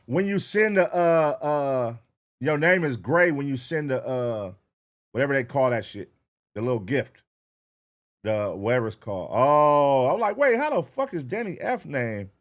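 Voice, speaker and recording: A man streaming live, reacting to clips and chatting loudly and profanely with his viewers. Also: on the high side. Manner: loud, excitable, profane, animated. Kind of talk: casual livestream chat.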